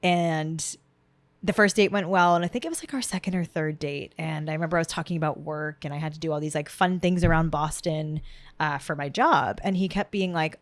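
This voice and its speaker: A woman hosting a podcast, chatting casually and telling stories with swearing and lively bursts. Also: deep voice, brisk, no echo. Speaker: podcast host. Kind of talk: casual chat.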